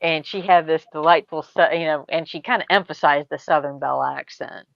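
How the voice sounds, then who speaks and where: A middle-aged American woman telling stories in a relaxed group chat, laughing often and trailing off into asides. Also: low voice, creaky, no echo, highs cut off. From United States. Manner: chatty storyteller, quick laughs, trailing asides. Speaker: show host. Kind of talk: casual chat.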